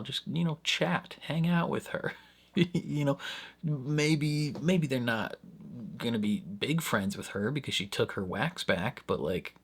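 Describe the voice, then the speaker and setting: A man's voice: medium pitch, slightly rough. A man hosting a casual reaction review, rambling in an easygoing way, chuckling often, and jumping his voice up on asides. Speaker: reaction channel host.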